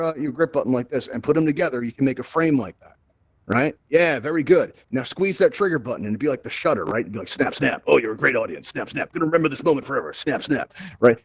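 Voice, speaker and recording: A man with a slightly high voice and a darkish tone hosts a virtual reality event, giving a crowd a live instructional walkthrough of the controls. He's upbeat and encouraging, with playful asides, and the recording has no room sound.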